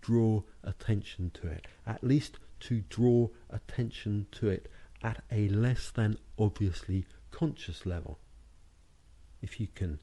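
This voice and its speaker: A British man narrating a lesson on hypnotic language patterns, speaking slowly and deliberately with hypnotic phrasing and words marked out by tone. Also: lowish voice, warm tone. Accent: British English. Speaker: hypnotherapy and NLP trainer. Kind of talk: recorded lesson narration over slides.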